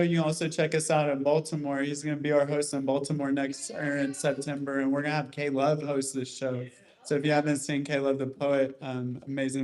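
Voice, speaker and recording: Man, poet and host, upbeat, playful wordplay, somewhat higher voice, live show. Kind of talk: announcements and performed rap-like poem. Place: live poetry show at a hotel venue.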